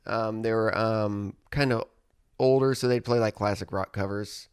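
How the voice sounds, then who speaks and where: Young male musician, relaxed rambling chat, smooth clear voice, dry close sound. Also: lowish voice, normal speed, no room sound. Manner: laid-back, rambling, many fillers. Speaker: musician guest. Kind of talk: casual chat.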